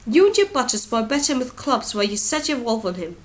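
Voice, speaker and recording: A haughty, scornful queen, as a woman reads her, cold and imperious, her lines pitched a little higher than the narration. A storybook reading. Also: very animated, fairly quick.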